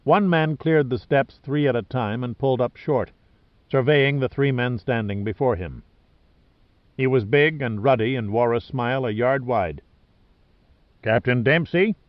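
A man with a medium-pitched voice reads an audiobook in steady, measured narration from a script. The recording is dry, dull and lo-fi.

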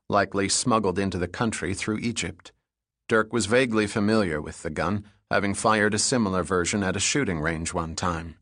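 A man narrating an audiobook thriller in a steady, measured reading. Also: lowish voice, no echo, clean studio sound.

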